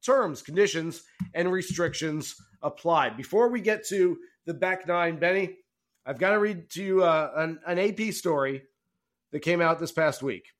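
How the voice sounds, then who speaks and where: A man hosting a golf betting podcast, chatting casually and telling stories with animated jokes. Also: sits high, moderate pace. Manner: animated, jokey storytelling. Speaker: podcast host.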